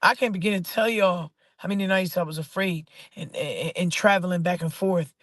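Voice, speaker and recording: A woman's voice: fairly low pitch, normal speed, no room sound. A woman poet talking casually and emphatically about faith and perseverance, repeating her phrases for stress. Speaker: poet and artist. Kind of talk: casual inspirational talk.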